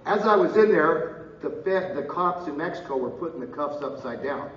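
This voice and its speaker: A middle-aged man telling a personal story to an audience, lively and loud, acting out what others said. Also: on the high side, normal speed. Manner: lively, loud bursts and laughs, slips into voices of others. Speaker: speaker telling his story at a live event. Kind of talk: animated storytelling with acted-out quotes. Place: large casino hall. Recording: roomy, distant, dull audio with ambience.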